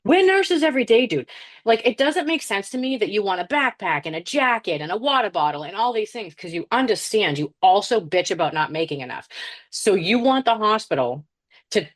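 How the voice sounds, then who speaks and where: A woman's voice: mid-range voice, expressive, brisk. A young woman, a nurse, chatting casually on a podcast, telling stories animatedly, laughing often and swearing freely. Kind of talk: casual chat.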